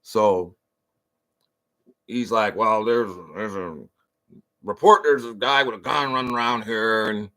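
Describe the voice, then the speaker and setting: A man's voice: lowish voice, a bit bright. A middle-aged man telling a personal story in a casual, profane and emotional rant.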